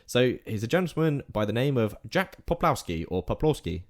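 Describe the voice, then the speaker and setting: A man's voice: medium pitch, sing-song, moderate pace. A man co-hosting a casual podcast, telling a story in a rambling way and correcting his own slips. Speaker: podcast co-host.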